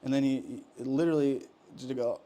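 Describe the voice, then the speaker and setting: A man's voice: mid-range voice, a little fast, mellow, a little hiss or hum. A man in his thirties ranting heatedly on a podcast, profane and rambling, with many restarts. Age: 30s. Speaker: podcast co-host. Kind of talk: casual ranting chat.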